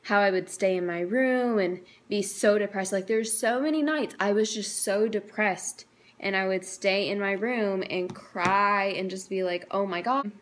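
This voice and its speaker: A woman's voice: medium pitch, a little slow, slight background noise. A teenage woman vlogging a personal faith testimony, earnest and emotional, chatty with lots of "like".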